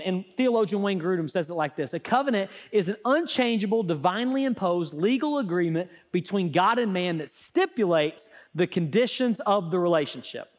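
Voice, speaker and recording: A man preaching from the pulpit with a fairly high voice. His delivery swings between loud, lifted points and low, hushed asides. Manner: animated, rising and falling emphasis. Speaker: pastor. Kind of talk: sermon.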